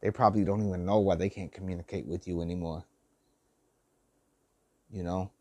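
A man's voice: sits low, fairly even intonation, brisk, warm tone, no room sound. An older man giving heartfelt, repetitive life advice to his listeners, swearing and using slang. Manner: heartfelt, preachy, repeats phrases, swears, slangy. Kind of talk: emotional motivational monologue.

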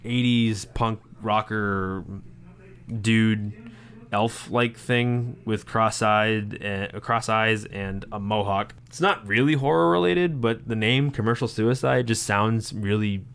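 A Florida man co-hosts a podcast in a fairly low, slow, gravelly voice with a bit of brightness, over a slight hiss or hum. The casual chat is enthusiastic and rambling, packed with fillers.

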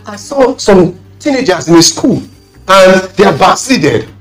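A man with a Nigerian accent preaching at a conference, his voice high for a man and swinging widely in pitch. He talks emphatically, repeats phrases for effect, and restarts his sentences. Faint music plays underneath. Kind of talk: conference sermon.

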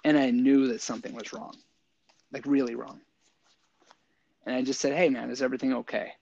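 Here a middle-aged yoga instructor and former soldier relaxes into an interview, spinning stories and performing other people's lines, peppered with "like." His medium-pitched voice moves briskly, with vocal fry and a breathy edge. The sound quality is lo-fi.

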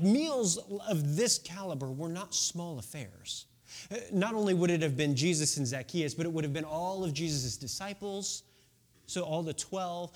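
A man preaching a casual, conversational sermon, retelling a Bible story and checking in with "right?". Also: sits high. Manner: sings a children's song.

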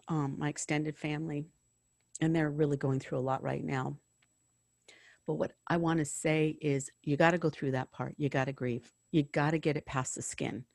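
Her voice is deep and darkish with vocal fry, recorded cleanly in a studio without room sound. This woman, who works in hospice and bereavement counseling, tells stories from her job and speaks earnestly and spiritually about faith during a conversational interview.

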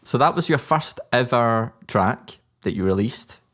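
A man hosts a casual radio chat with a playful, teasing manner. His voice sits at an ordinary male pitch, and he keeps the tone loose and informal. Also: animated, measured pace, fairly bright tone. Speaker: radio host.

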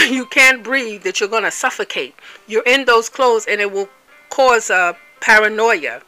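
Slow, emphatic woman with a bright voice. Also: fairly high pitch, poor audio. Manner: slow, emphatic, repeats and spells out words. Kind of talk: impassioned monologue.

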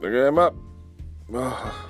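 A man's voice: medium pitch, animated, unhurried, over loud music. A young man hosting a casual morning podcast, rambling and wry, swearing freely. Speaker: podcast host.

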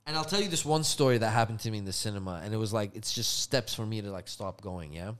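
A man telling a story in casual podcast chat, profane and animated, acting out voices. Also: on the low side, fast, few pauses, clear, resonant tone. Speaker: podcast co-host.

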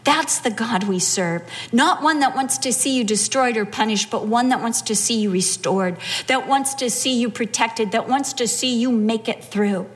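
A middle-aged woman preaching a sermon, telling a personal story with animated, acted-out quotes. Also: fairly high pitch, moderate pace, hardly any pauses.

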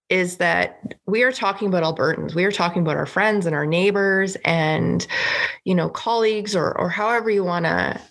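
A woman's voice: on the low side, gravelly, a bit bright. A woman from Canada, a provincial legislator, talking earnestly and indignantly in a casual political podcast, with many "like" fillers.

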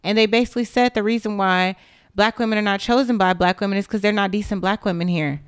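A woman's voice: mid-range voice, steady tone, fast, clean tone, dry recording, studio quality. A young woman giving an impassioned, indignant monologue straight to the camera, blunt and emphatic, with swearing.

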